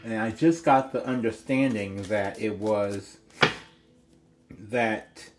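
A man talking casually to his viewers as he gives a tarot reading. He chats, exclaims, and breaks into sudden high squeals. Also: takes it slowly, very noisy. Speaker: tarot reader.

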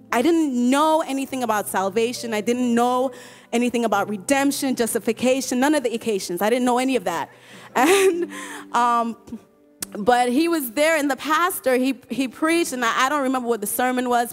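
A woman with a high, light voice tells her church testimony in an earnest, emotional way. She stumbles, repeats herself and laughs as she goes. Soft worship music plays faintly behind her. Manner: halting, repeats and restarts words, laughs often. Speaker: choir member giving a testimony. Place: church service.

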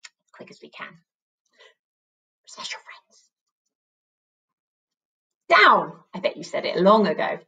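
Animated, sing-song woman teaching phonics. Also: fairly low pitch, fairly quick, far from the mic, muffled recording. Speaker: primary school teacher. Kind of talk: phonics lesson for young children.

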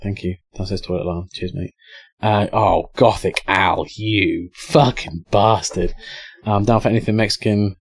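A man's voice: on the low side, steady tone, moderate pace. A young English man streaming a game, chatting casually, swearing and reading out chat. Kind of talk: casual live-stream commentary.

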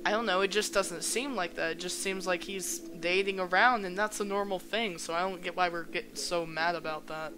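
A woman playing a visual novel, reading the story aloud and breaking off into puzzled, rambling asides. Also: on the low side. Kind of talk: let's play commentary mixed with story reading. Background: game music.

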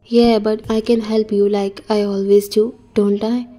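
A woman's voice: mid-range voice, little pitch movement, unhurried, dark tone, soft background music, close to an everyday voice. A woman reading the part of a playful, mischievous male friend and co-worker in a read-aloud story. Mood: teasing. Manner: joking, mischievous. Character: teasing playful male best friend and employee.

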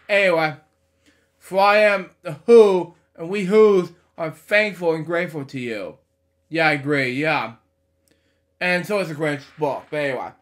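A storybook reader, a man with a slightly high, fairly bright voice, reads a children's picture book aloud. He stumbles over words and keeps pausing for chatty side remarks.

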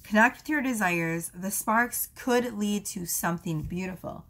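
A woman giving a casual tarot reading, rambling with many fillers and asides, her voice going hoarse. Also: mid-range voice, measured pace, fairly bright tone. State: losing her voice. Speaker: tarot reader.

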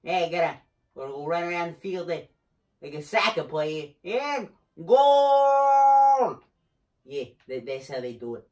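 A gamer doing excitable, joking let's play commentary, talking to themself while playing and screaming now and then. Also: medium pitch, a little fast. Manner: excitable, jokey, talks to himself while playing.

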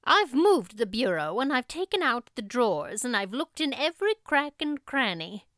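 A woman's voice: on the high side, lively intonation, measured pace, a bit bright, clean tone, no room sound, clean studio sound. A woman voicing a stern, grim older spinster who speaks firmly and severely. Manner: firm, clipped, severe.

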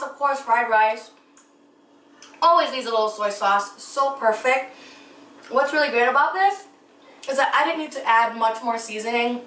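A woman's voice: fairly high pitch, pushed and bright. A woman hosting a home cooking show, talking casually and enthusiastically as she tastes her dishes. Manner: enthusiastic, tasting food as she talks. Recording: echoey kitchen, mic at a distance.

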